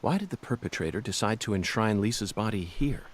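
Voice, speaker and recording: A man's voice: lowish voice, lively intonation, a little fast. An actor playing a quirky male special agent in a video game who talks earnestly to an unseen partner. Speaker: game character. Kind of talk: game voice acting. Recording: game audio under loud outdoor ambience.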